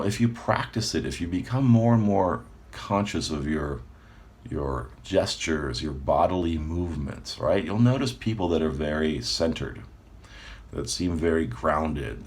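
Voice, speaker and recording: A man talking casually as a coach, checking in with listeners often and laughing now and then. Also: very deep voice. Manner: relaxed, conversational, frequent "right?" check-ins, laughs often. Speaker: manifestation coach. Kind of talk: casual talk to camera.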